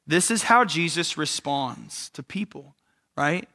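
A young man preaching a casual, animated sermon, joking with the congregation and checking in with "right?". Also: on the high side, slow pace. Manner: animated, jokey, conversational, with frequent "right?".

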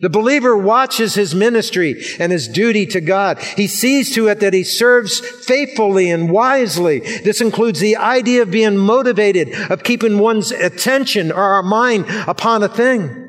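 A man's voice: sits high, animated, normal speed, few pauses, fairly bright tone. A man preaching a sermon, repeating key words for emphasis and putting questions to his congregation.

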